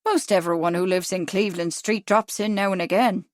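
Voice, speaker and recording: A woman's voice: mid-range voice, steady tone, fairly quick, no room sound, studio quality, natural voice. A woman putting on a chatty Irish shopkeeper. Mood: proud. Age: middle-aged. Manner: proud, chatty. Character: stout middle-aged Irish shopkeeper, self-important.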